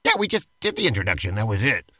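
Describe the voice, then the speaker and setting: A man's voice: on the low side, big pitch swings, fast, sharp tone, breathy edge, dry recording. A man co-hosting a comedic role-play podcast as game master, eager and teasing in his banter, over background music. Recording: music playing behind.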